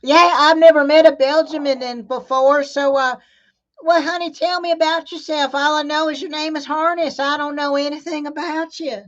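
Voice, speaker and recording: A woman's voice: high voice, steady tone, lo-fi sound. A woman on a live stream, playing along with a caller in a folksy way, calling him honey and drawing out her questions. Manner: folksy, calls people honey, drawn-out questions. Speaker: scam-baiter co-host.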